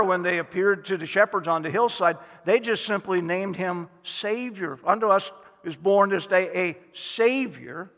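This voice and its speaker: A man's voice: high voice, vocal fry, fairly bright tone, big-room sound. A man preaching a sermon as a pastor, telling stories and acting out the voices of the people he quotes. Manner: storytelling, acts out quoted voices.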